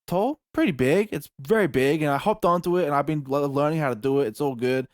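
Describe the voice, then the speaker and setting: A man's voice: on the high side, quick pace, no echo. Young aussie guy on a podcast, swears a ton, acts stuff out, dry close sound. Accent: Australian. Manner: animated, profane, acts out scenes with yelps and shouts. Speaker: podcast host. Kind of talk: casual storytelling.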